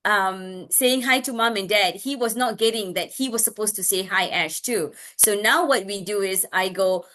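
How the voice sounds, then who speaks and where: A woman's voice: medium pitch, moderate pace. Earnest woman explaining child speech. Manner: earnest, often restarts, checks in with "right?"; acts out parent-child exchanges in a brighter voice. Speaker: speech-language expert. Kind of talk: webinar talk answering parents.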